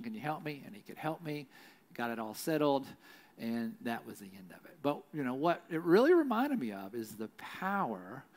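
A middle-aged man preaching a sermon in a conversational way, often adding "right?" and slowing to a hush on key lines. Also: fairly high pitch. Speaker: pastor.

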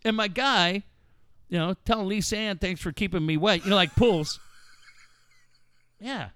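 A man's voice: high-pitched, a little slow, pauses often, fairly bright tone, clean tone, no room sound. A middle-aged man co-hosting a radio show, telling stories in casual banter, swearing freely and laughing as he goes. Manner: storytelling, swearing a lot, laughing.

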